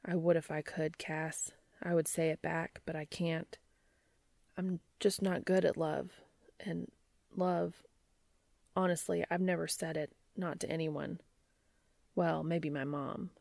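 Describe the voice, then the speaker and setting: Hushed, gravelly young man read by a woman, slow and soothing, audiobook. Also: deep voice, steady tone, no echo, full character voice. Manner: hushed, half-whispered. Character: gruff young man, comforting lover.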